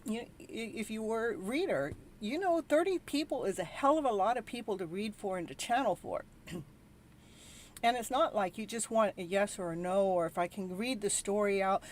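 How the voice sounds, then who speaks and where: Slight background noise sits under an expressive, mid-range female voice moving at a moderate pace. She's an exhausted tarot reader running a live reading, talking to viewers in a rambling, fed-up manner full of restarts.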